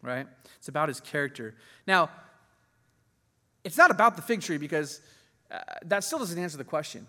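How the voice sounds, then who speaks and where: Male pastor, higher-pitched, animated sermon delivery, recorded in a reverberant church hall. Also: fairly quick. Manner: animated, laughs often, voices quoted figures.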